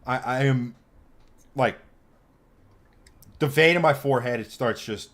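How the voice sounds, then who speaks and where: Man, podcast host, mid-pitched voice, casual storytelling, profane, acts out quotes. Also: a little slow. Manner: animated, swearing, acts out quoted people.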